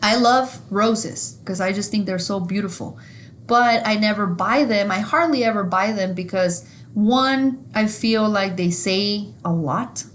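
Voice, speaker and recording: A woman co-hosting a podcast, telling stories in a casual, profane, animated way. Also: medium pitch, measured pace, slight background noise. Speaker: podcast co-host. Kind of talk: casual chat.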